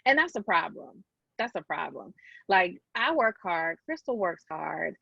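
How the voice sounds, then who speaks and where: A woman co-hosting a podcast, telling stories in an animated, laughing casual chat. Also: fairly low pitch, unhurried, gravelly, husky, no echo, highs cut off. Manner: animated storytelling with frequent laughs. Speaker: podcast co-host.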